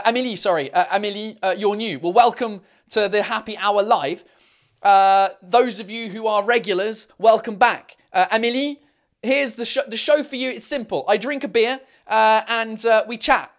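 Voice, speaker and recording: A man's voice: high voice, normal speed, a bit bright, no room sound, studio quality. A man hosting a casual live-stream chat show. He rambles in a cheeky way, swears freely and slips in and out of French. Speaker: comedian podcast host.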